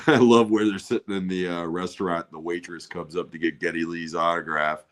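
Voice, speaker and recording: A man's voice: low-pitched, steady tone, fairly quick. A middle-aged man in casual chat on a watch party, telling stories with profanity and laughing often.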